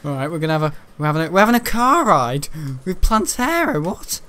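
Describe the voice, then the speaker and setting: A man giving rambling, chatty gameplay commentary, laughing often and breaking into excitable outbursts. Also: high voice, brisk. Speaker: gaming channel host.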